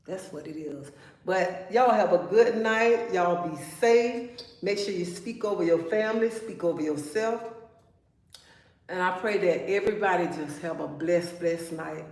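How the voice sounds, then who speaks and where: A woman's voice: on the low side, normal speed, darkish tone. A woman hosting a casual livestream gives blunt, preachy advice. She keeps checking in with "okay?" and calling listeners "honey". Her voice echoes around a bare room. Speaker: livestream host.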